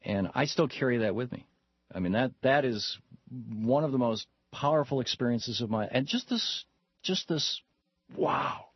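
A man's voice: medium pitch, lively intonation, unhurried, breathy edge, dry recording, highs cut off. A man from Michigan hosting a call-in talk radio show, telling stories in a rambling way with many restarts. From Michigan, USA. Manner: rambling, storytelling with frequent restarts.

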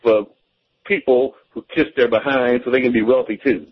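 A man calling into a radio talk show, making his points in an earnest, halting way with many fillers. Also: medium pitch, fairly even intonation, breathy edge. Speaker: caller. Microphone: telephone. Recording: tinny phone line.

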